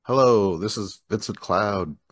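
Laid-back male podcast host, low voice, dry close sound, laughs easily. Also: measured pace, no echo. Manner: laid-back, laughs often, swears casually. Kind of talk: casual podcast chat.

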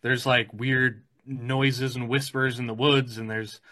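Bright-voiced enthusiastic man. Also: medium pitch, flat delivery, slow. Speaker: podcast co-host. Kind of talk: casual chat.

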